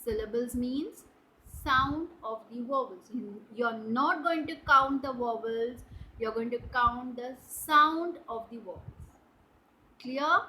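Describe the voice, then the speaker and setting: A woman teaching an English grammar lesson to children, explaining step by step and checking "right?" and "clear?". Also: on the high side, takes it slowly, bright, forceful tone, a little hiss or hum, poor audio.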